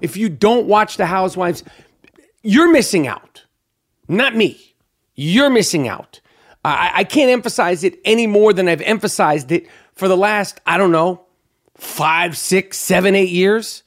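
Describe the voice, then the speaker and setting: A man's voice: sits high, expressive, measured pace, fairly bright tone. A man hosting his own podcast in a brash, profane, rambling solo monologue, hyped up and talking freely. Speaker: podcast host.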